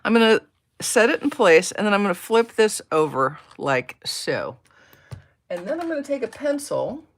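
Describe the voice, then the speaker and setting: A woman demonstrating a card-making project on a live stream, chatting along as she works and greeting viewers by name. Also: mid-range voice. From United States. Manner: talks to herself while working. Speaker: papercraft demonstrator. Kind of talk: live-stream craft tutorial.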